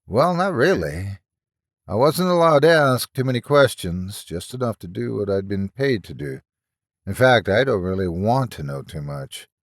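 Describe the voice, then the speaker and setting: A young doctor, voiced by a man, speaks hesitantly and apologetically, tripping over the start of his lines. His voice moves lively up and down. The sound is dry and close. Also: lowish voice, moderate pace, dry recording. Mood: uneasy.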